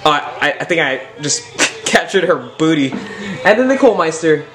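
A man's voice: a little high, very animated, normal speed, music in the background. A man hosting a casual vlog, hyped and jokey, talking in slang while out and about in a car. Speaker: vlogger host.

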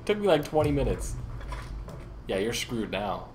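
A man's voice: mid-range voice, sing-song, unhurried, slight background noise. A young man co-hosting a horror game stream, laughing and teasing his friend. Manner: laughing, teasing, mimics sounds. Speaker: gameplay co-host. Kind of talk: casual banter over a horror game. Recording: music playing loudly behind. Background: game music.

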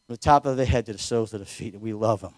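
A man's voice: fairly low pitch, racing, no room sound. A man, a local pastor taking an offering and praying fervently, repeating amen often. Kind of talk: sermon offering and prayer. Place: church sanctuary.

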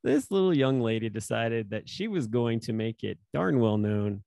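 Laughing, animated male podcast co-host. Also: mid-range voice, moderate pace, gravelly, no echo. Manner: animated storyteller, laughs often. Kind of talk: casual chat.

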